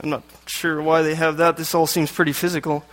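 A man from Canada delivers a sermon with a fairly high voice, reading passages aloud and dropping dry jokes in between. His voice rings out with a long reverb through a church hall. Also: flat delivery, brisk, fairly bright tone. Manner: joking asides between read passages. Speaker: lay preacher.

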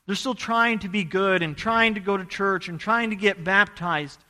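A man from Idaho preaching a sermon, telling a personal story in an earnest voice that rises to loud, urgent bursts. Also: high voice, normal speed, big-room sound.

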